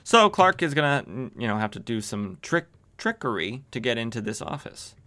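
A man's voice: mid-range voice, sing-song, moderate pace, pushed and bright. A man casually retelling an old comic story, with rambling, joking asides and lots of fillers. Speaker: podcast host retelling comics.

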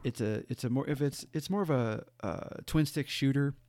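A man co-hosting a podcast in casual chat, telling rambling, animated stories and laughing often. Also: medium pitch, normal speed. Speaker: podcast co-host.

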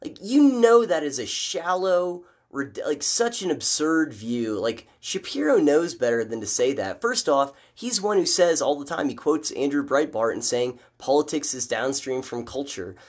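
A man in casual live-stream commentary, talking politics in an unscripted way. He sounds exasperated and animated, and his voice rises sharply whenever he mocks a view he disagrees with. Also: a little high, normal speed, hardly any pauses.

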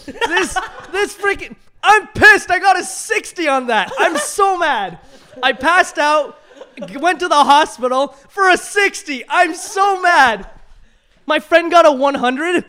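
A young man co-hosting a casual podcast chat, an animated storyteller who laughs often. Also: very high voice, measured pace. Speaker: podcast co-host.

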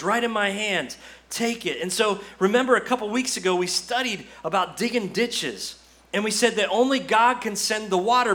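A man's voice: high-pitched, bright, forceful tone. A man preaching a sermon as pastor, earnest and exhorting, full of repetitions and rhetorical questions. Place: church.

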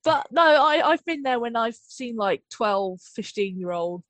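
Giggly woman with a lively, high voice. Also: no room sound. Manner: giggly, quick to laugh. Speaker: podcast guest. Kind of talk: casual chat.

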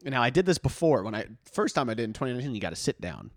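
A man's voice: medium pitch, big pitch swings, very fast, no echo, clean studio sound. A young man co-hosting a podcast, telling a story in casual chat, swearing freely. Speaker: podcast co-host.

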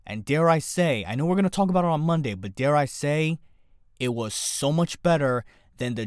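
A young adult man hosting a casual solo podcast, animated and jokey, talking fast in bursts. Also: a little high, clear, resonant tone, no room sound, clean studio sound. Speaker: podcast host.

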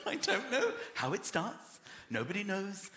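Animated high-voiced male stand-up comic. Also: slow. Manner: animated, acts out voices and shouts punchlines. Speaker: stand-up comedian. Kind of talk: stand-up comedy routine. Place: live comedy venue with audience. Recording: roomy live venue with loud crowd noise. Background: audience laughter.

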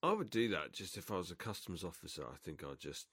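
A man's voice: low voice, animated, fast talker, a bit bright, husky, no room sound, clean studio sound. A man chatting casually on a podcast, joking playfully.

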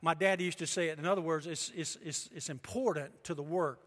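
A man preaches from the pulpit, his voice high and sharply bright. He swings from emphatic, loud declarations to hushed asides. The sound rings out with the long reverb of a large church hall. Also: steady tone, a little fast. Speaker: pastor. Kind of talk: sermon. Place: church sanctuary.

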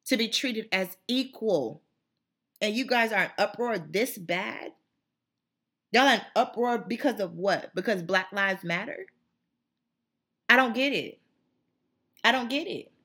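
Fiery bright-voiced woman ranting. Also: a little high, slightly rough. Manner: fiery, emphatic, repetitive. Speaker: channel host. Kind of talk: impassioned monologue.

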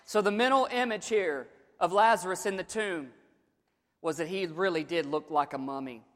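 A pastor with a high voice delivers an Easter sermon at a moderate pace in a church sanctuary, his words ringing with long reverb. He shifts from hushed storytelling to humorous asides, then builds to loud, dramatic shouts.

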